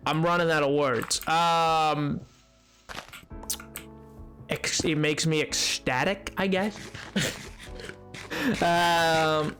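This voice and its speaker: Playing a game on a live stream, a man makes casual, jokey, rambling conversation with his audience, often stumbling over what he says. His pitch is fairly high and his tone sharp.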